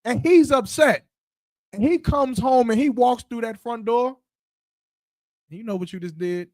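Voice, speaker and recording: A man with a fairly high voice talks through a casual podcast chat. He lays out his point like a sermon and slips into other people's voices to act out a story. The sound is close and dry, with no room in it. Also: measured pace, darkish tone, no echo. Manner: preachy, acts out quoted voices. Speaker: podcast co-host.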